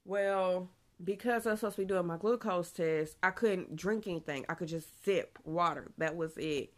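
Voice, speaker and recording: A woman's voice: lowish voice, moderate pace. Woman vlogging her pregnancy, chatty, kinda out of breath, laughs a lot. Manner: chatty, laughs often, says y'all. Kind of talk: casual pregnancy update vlog.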